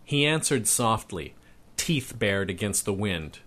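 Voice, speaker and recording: A man reading his own story aloud in a steady, measured narration. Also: on the low side. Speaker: narrator and author.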